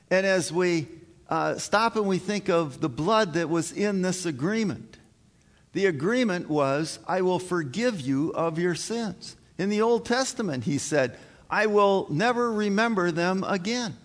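Slow-preaching pastor in a reverberant hall. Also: male voice, high-pitched, animated. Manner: slow, earnest preaching with rising emphasis. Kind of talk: communion sermon. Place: church sanctuary.

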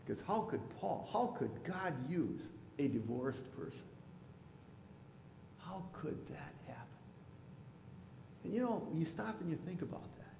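A man preaching a sermon as pastor, now and then mimicking loud objectors. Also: fairly high pitch, very animated, a little slow, gravelly, pauses often, a little hiss or hum. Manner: preachy, rising to loud mocking voices for imagined objectors. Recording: echoey hall with long reverb.

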